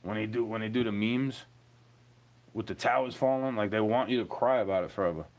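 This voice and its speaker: A man's voice: on the low side, brisk, a little mellow. Rambling profane man from New York. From New York City. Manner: profane, rambling, chuckling between rants. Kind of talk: rambling rant monologue.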